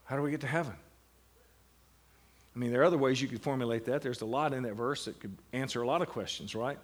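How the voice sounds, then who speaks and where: A man's voice: medium pitch, fast talker. A middle-aged man giving a classroom lecture on Bible meditation, putting questions to his students and answering them. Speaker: seminary lecturer.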